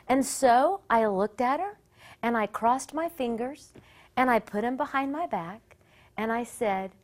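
A woman worship leader tells a personal testimony, her voice sitting a little high. She speaks earnestly and with animation, often breaking off and restarting her sentences as she goes. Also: a little slow. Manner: earnest and animated, with many self-interruptions.

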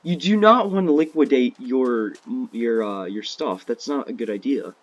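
A man's voice: normal speed, lo-fi sound. A man chatting casually while playing a game with a friend, teasing and bragging. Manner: boastful, teasing, lively swings in pitch. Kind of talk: casual gameplay chat.

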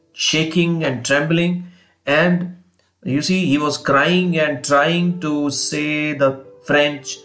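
Guy teaching a lesson real slow, says "you see" a lot, soft guitar music behind. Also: mid-range voice. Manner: slow, repeats and rephrases, fillers, "you see" and "kindly note down". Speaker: English teacher. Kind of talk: explaining a textbook lesson.

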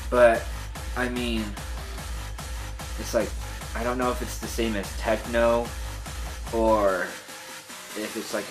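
A young man rambling to his webcam in a casual home vlog, hesitant and full of fillers and restarts. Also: on the low side. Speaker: vlogger. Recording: music playing behind.

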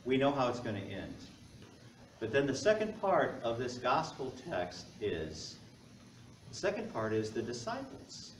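A man's voice: medium pitch, sing-song, unhurried, recorded from a distance, slight background noise. A man preaching a sermon as pastor, talking conversationally to the congregation with joking asides. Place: church sanctuary. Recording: echoey church heard from afar.

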